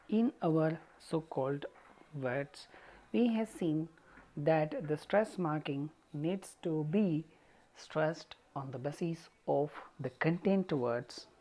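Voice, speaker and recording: A woman's voice: low-pitched, warm tone. A woman explaining an English textbook exercise step by step, with frequent "see" and "so". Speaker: college English teacher.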